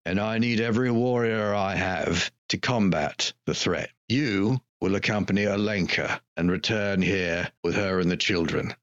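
A man puts on a short, stocky, ill-tempered lord who barks his words, gruff and curt with the servants. The voice sits low and rough-edged. The tabletop-game recording sounds slightly dull and lo-fi. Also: fairly bright tone, no echo.

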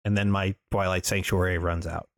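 A man playing a cleric in a tabletop game, talking quickly and urgently. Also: deep voice, little pitch movement, vocal fry, no echo, clean studio sound. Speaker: player. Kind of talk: casual tabletop play.

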